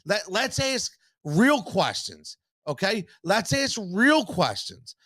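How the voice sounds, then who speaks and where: A man's voice: high voice, sing-song, slow pace, a bit bright, dry recording. A man hosting a live postgame sports reaction stream, fired-up and blunt, swearing freely and repeating his points. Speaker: sports talk host.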